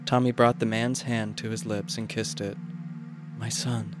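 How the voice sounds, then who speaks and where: A man narrating a literary short story in a measured, quiet, even manner. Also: lowish voice, loud music behind the voice.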